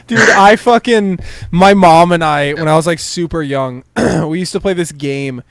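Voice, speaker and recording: A young man co-hosting a podcast, telling excitable stories that are full of swearing and "dude". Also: a little high, measured pace, no room sound. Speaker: podcast co-host. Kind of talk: casual chat.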